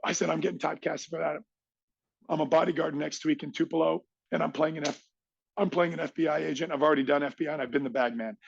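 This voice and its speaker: A man's voice: fairly high pitch, fairly even intonation, fast talker, creaky, lo-fi sound, slight background noise. A middle-aged man, a podcast guest, tells a motivational story with emphatic energy and acts out other people's lines.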